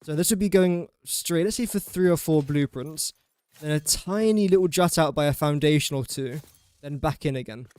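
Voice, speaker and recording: A man's voice: on the high side, moderate pace, hardly any pauses, a little mellow, clear, resonant tone, no echo. A young man, chatting casually while live-streaming a building game and talking himself through each step. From England. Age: young adult. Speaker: gaming streamer. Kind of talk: casual live gameplay commentary.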